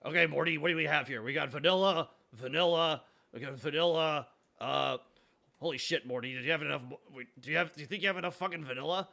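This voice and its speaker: A man's voice: on the high side, quick pace, sharp tone, voice pushed up. A man voicing a crude, blustering old male mad scientist who curses and barks questions. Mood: exasperated. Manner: gruff, cursing, blustering.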